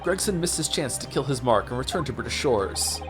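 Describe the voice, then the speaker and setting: A man's voice: medium pitch, expressive, a little fast, natural voice. A man reading a game aloud, voicing a cold, haughty aristocratic British prosecutor with formal old-fashioned diction. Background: game music.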